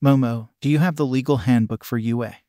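A bubbly, mischievous teenage girl chirps out her plans, as a man reads her. The voice stays at his ordinary pitch and sounds dry and close. There is no real attempt to sound female. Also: fairly quick, warm tone, dry recording, close to an everyday voice. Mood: scheming.

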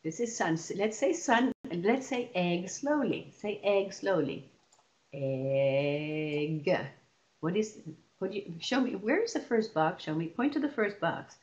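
A woman leading a lesson for teachers, explaining patiently and stretching example words out slowly. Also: medium pitch, lively intonation. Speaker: teacher trainer.

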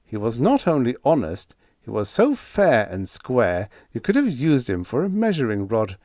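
A man narrating a humorous sci-fi short story in the first person, with an expressive storytelling delivery. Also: medium pitch, normal speed, dry recording, clean studio sound. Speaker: audiobook narrator.

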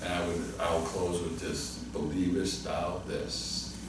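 A male pastor teaching a Bible study in earnest, restarting and repeating phrases, dropping lower and softer when he quotes God. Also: flat delivery, slow pace. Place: church hall. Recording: echoey church room from a distant mic, faint noise.

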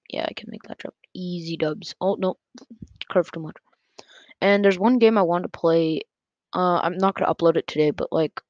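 A gaming YouTuber giving casual, excitable play-by-play commentary on a close mic that picks up breathing, with quick self-corrections. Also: mid-range voice, dry recording. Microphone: close desk mic picking up breath. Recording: dull lo-fi dry sound.

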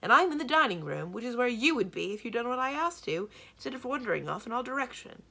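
A woman voicing a brisk, fussing, motherly female giant. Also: fairly low pitch, big pitch swings, gravelly, fairly bright tone, exaggerated voice. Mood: scolding.

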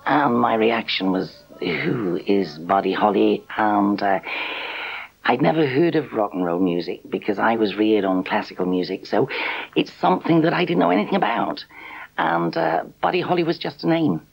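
A woman from England in a documentary interview, telling a personal memory in a gentle, measured way. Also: extremely low pitch, animated, gravelly, breathy edge, lo-fi sound. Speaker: interviewee recalling a past meeting. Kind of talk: reminiscing interview.

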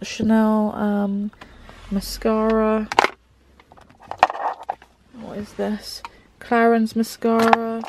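A woman's voice: fairly high pitch, background noise. A woman vlogging from inside her car, chatting and gushing with lots of ums. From England. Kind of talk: casual car tour vlog.

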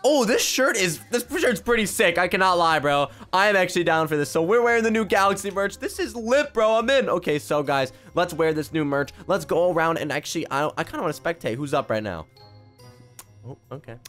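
Hyped young guy with a high voice. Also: a little fast, hardly any pauses, soft background music. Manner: energetic, slangy, keeps saying "bro" and "guys". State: has a cold. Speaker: YouTuber. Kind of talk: hyped gameplay commentary.

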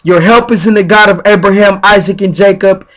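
A man leading guided spiritual affirmations in slow, repetitive, chant-like phrases. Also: high-pitched, fairly even intonation, a bit bright. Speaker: spiritual speaker.

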